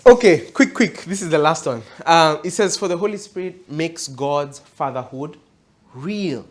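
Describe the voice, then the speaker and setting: A man's voice: on the high side, a little slow. Emphatic man preaching a sermon. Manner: emphatic, repeats questions to the audience. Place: church event hall.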